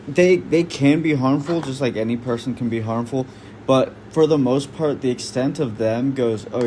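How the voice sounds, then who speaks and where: A man's voice: mid-range voice, darkish tone, a little hiss or hum. A man doing casual reaction commentary, blunt and slangy, swearing freely. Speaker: online commentator.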